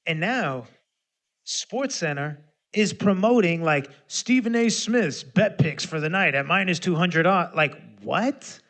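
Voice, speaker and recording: High-voiced man ranting on a livestream. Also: a little slow. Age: 30s. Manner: animated, ranting, profane, swings between loud and muttered. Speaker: musician hosting a livestream. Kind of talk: casual livestream rant.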